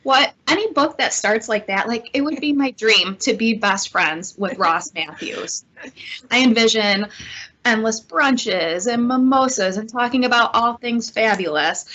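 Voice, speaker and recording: A woman's voice: a little high, lively intonation, measured pace, a bit bright, lo-fi sound. A woman librarian giving an enthusiastic book review. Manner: enthusiastic recommending.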